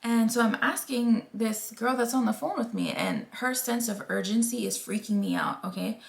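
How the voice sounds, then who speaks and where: Candid, gravelly-voiced woman vlogger. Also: a little high, moderate pace. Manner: candid and emphatic, acts out quoted voices. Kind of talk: casual storytelling to camera.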